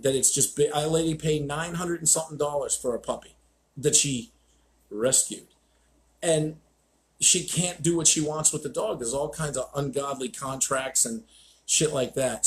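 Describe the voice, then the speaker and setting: A man hosting a live stream as a dog trainer, telling stories bluntly with swearing and acted-out quotes. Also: medium pitch. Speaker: dog trainer, show host. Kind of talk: casual live-stream chat.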